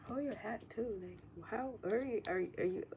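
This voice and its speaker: A woman vlogger chatting casually and meanderingly, leaning on "like" constantly and sometimes dropping into soft whispers. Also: fairly high pitch, moderate pace. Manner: meandering, heavy use of "like", drifts into soft whispers, laughs often. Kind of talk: casual rambling chat. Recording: clearly audible background noise.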